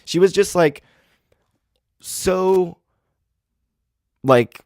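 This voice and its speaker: A man in his twenties hosting a solo podcast, talking candidly and with grief, swearing often and filling pauses with "like". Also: high-pitched, a little mellow, dry recording, clean studio sound. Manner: candid, grieving, heavy swearing and fillers. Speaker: podcast host. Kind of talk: casual solo podcast monologue. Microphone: handheld podcast mic.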